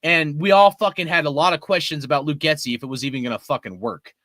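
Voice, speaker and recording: A man's voice: fairly high pitch, fast talker, pushed and bright, dry recording, clean studio sound. A man in his forties ranting about his team in a heated, profane way. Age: 40s. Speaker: sports fan commentator. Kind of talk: ranting fan commentary.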